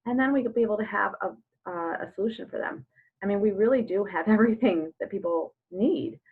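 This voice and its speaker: A woman's voice: mid-range voice, a little fast, husky. A woman in her thirties coaching in a chatty way, full of fillers and acted-out sample chats. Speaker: network marketing coach. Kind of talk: casual coaching talk. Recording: phone-like narrow sound.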